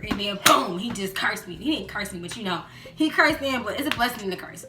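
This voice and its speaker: A young woman chatting casually in a storytime vlog, acting out quotes in lively voices. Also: mid-range voice, fast talker, background noise. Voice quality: animated, acts out quotes in voices. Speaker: vlogger. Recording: roomy echo with background music.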